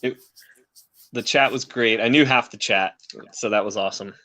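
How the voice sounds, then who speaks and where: A man's voice: medium pitch, moderate pace, sharp tone. A man co-hosting a podcast, chatting in an upbeat way and laughing as he tells stories. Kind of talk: casual chat.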